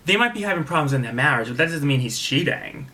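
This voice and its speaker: A man's voice: fairly high pitch, expressive, quick pace, pushed and bright, a little hiss or hum. A man casually recapping a reality TV episode, candid and opinionated, swearing freely and repeating himself for emphasis.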